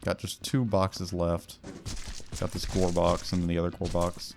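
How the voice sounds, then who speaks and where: Gamer man, lowish voice, loose rambling let's play patter. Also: level tone, measured pace, vocal fry, over music. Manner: rambling, joking, lots of fillers and voice bits. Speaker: gaming YouTuber.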